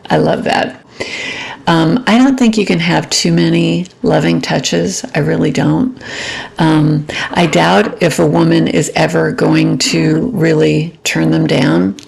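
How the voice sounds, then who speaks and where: A woman with a low, heavily gravelly voice speaks to camera at a very slow, unhurried pace. She gives relationship advice in a soft-spoken, reflective way and often pauses with little ums as she gathers her thoughts. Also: fairly even intonation. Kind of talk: reflective personal talk to camera.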